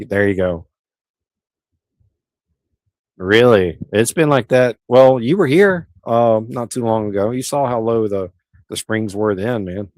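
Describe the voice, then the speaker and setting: Brief: middle-aged male streamer, rambling, easygoing chat, deeper voice. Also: a little mellow, dry recording. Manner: rambling, easygoing, with frequent restarts. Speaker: livestream host. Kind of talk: casual livestream chat answering viewer comments.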